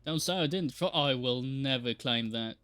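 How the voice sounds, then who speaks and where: A man's voice: mid-range voice, moderate pace, bright, forceful tone. A man casually chatting while streaming a game live, rambling and joking with frequent laughs and the odd swear. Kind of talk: casual live gameplay chat.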